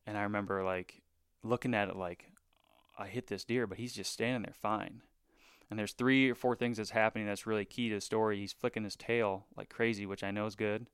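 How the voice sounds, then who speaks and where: A man recounting a bowhunt in a casual podcast chat, animated and full of fillers, sometimes dropping into hushed asides. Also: on the low side, clear, resonant tone, dry recording, studio quality. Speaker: bowhunter guest.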